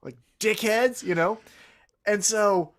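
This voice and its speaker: A man's voice: high-pitched, slow pace. A man co-hosting a podcast, telling stories in a rambling, profane casual chat. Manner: rambling storyteller, salty and profane. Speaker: podcast co-host.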